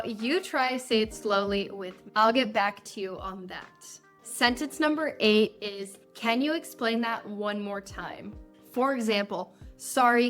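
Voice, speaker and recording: A young woman with a fairly high voice walks learners through everyday phrases. Her delivery is clear, friendly and well paced, like a prepared lesson. Faint music plays underneath. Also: a bit bright. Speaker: English teacher. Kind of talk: scripted lesson narration.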